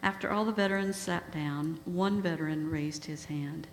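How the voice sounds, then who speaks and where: A low-pitched woman speaks earnestly to a room, telling a moving story as a guest speaker. Her voice carries a long hall reverb, with a faint hum underneath. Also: moderate pace. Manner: earnest, emotional retelling. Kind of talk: storytelling talk.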